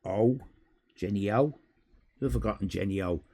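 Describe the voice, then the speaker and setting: A man's voice: on the low side, moderate pace, vocal fry, warm tone, slightly rough. A man hosting a live stream, rambling in casual chat, swearing and breaking off mid-sentence at home. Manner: rambling, swearing, self-interrupting. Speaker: livestream host. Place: home room with cats.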